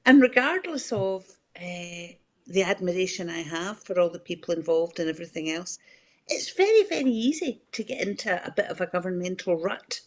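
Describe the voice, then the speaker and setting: A middle-aged Scottish woman speaks as a guest commentator on a news programme. Her voice sits fairly low, and she talks candidly and conversationally, pausing on fillers and restarting her sentences. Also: expressive. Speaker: political commentator. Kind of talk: live news discussion.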